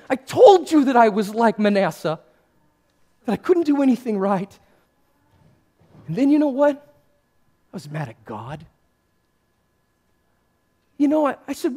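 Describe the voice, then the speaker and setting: A male pastor giving a first-person character sermon, addressing listeners directly and swinging between hushed and raised passages. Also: very high voice, very animated, a little slow, pauses often. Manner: speaks to listeners directly as "you" and "guys".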